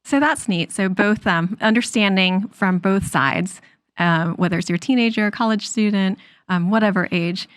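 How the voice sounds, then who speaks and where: A woman's voice: mid-range voice, normal speed, smooth, no echo, clean studio sound. A woman hosting an interview show as a physician, talking in an affirming, reflective way and restating her guest's points. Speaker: podcast host and physician. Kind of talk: conversational interview.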